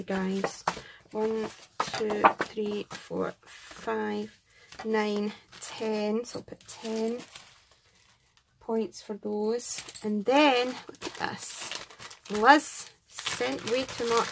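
A Scottish woman in a casual craft vlog who talks in an excitable, gushing way, thanking viewers and counting out items. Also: medium pitch, vocal fry, a little hiss or hum. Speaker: craft vlogger. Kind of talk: casual chat unboxing and scoring craft entries.

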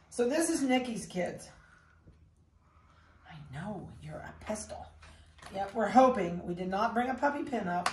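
A woman with a Midwestern American accent talks to a litter of puppies, her voice sitting at a middle pitch. She coos in baby talk and voices their thoughts in little quoted lines, and a faint noise runs under the recording. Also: animated, unhurried, long pauses, a little mellow. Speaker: dog breeder. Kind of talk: casual chat to puppies and camera. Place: indoors at a kennel.

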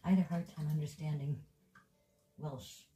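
A Japanese woman speaks English with a Japanese accent in a loose, teasing chat. Her voice sits low and mellow, and she jokes around playfully. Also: fairly even intonation, moderate pace, a little hiss or hum, rough recording. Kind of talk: casual chat.

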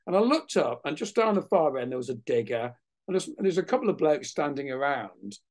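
A man speaking over a video call, his voice sitting a little high for a man. He tells his story in a lively, animated way and throws himself into the voices of the people in it. The tone is casual, like a guest chatting in an online interview. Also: brisk. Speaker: guest naturalist. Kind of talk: anecdotal storytelling in a webinar interview.

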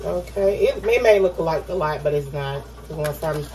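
Speaking at a moderate pace, a woman with a deep, dark, expressive voice cooks dinner at home and chats casually with her audience. This vlogger addresses viewers directly throughout, using "y'all" again and again.

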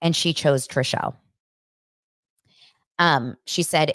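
A woman in her thirties hosting a podcast, chatting casually and excitedly as she retells scenes and acts out people's lines. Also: sits low, normal speed, no room sound, studio quality. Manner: excitable, animated retelling with acted-out quotes. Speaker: podcast host. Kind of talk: casual chat recapping reality TV.

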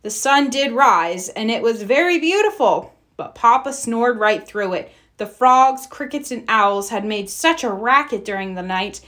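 A woman's voice: a little high, a little slow, hardly any pauses. Woman reading a picture book aloud. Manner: expressive, acts out characters' lines. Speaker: storybook reader. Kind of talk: read-aloud storybook narration.

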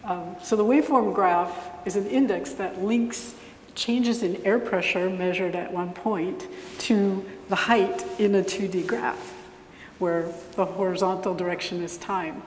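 Woman explaining stuff calmly at a talk, big echoey room, little bit of noise. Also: medium pitch, measured pace. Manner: calm, explanatory, some hesitations. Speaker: composer presenter. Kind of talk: live talk to an audience. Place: lecture hall. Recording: echoey hall with faint noise.

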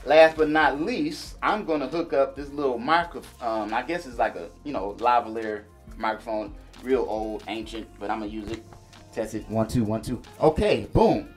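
A man casually demonstrating and reviewing a small audio mixer for his viewers, chatty and relaxed. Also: mid-range voice, moderate pace, faint music behind. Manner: laid-back, chatty, addresses viewers as y'all and man. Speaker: gear reviewer. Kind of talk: casual product demo vlog.

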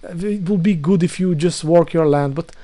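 Speaking at normal speed in a fairly high voice with a dark tone, a man who learned English as a second language vents to his viewers about a housemate. It's an exasperated, unscripted video-diary rant, full of swearing and restarted sentences.

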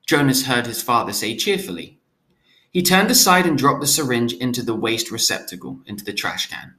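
A man's voice: mid-range voice, expressive, brisk, sharp tone. A man reading a novel aloud, stopping to restate hard words in simpler terms.

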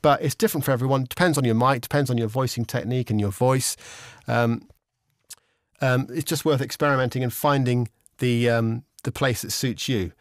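A man teaching microphone technique in a relaxed, explanatory way, with frequent ums and restarts, recorded on a studio condenser microphone. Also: mid-range voice, fairly quick, dry recording. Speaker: instructor. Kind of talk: casual instructional explanation. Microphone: studio condenser microphone with pop shield.

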